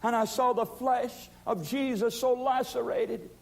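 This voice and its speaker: A man's voice: very high voice, fairly even intonation, unhurried, gravelly, pitched above the performer's own voice, full character voice, low-quality recording. A man acting out an older male theologian telling his wife about a terrible dream, in an earnest, anguished way. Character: grieving older male theologian recounting a nightmare.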